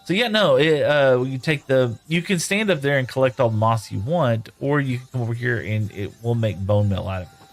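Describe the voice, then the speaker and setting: A man's voice: mid-range voice, fairly quick. A man streaming live from his home room, reading viewer chat aloud and answering in a folksy, rambling way.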